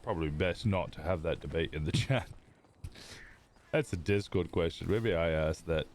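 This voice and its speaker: A man's voice: sits low, moderate pace, darkish tone, a little hiss or hum. A man livestreaming a roleplay game, chatting casually with his viewers in a rambling, self-interrupting way. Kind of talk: casual chat with stream viewers.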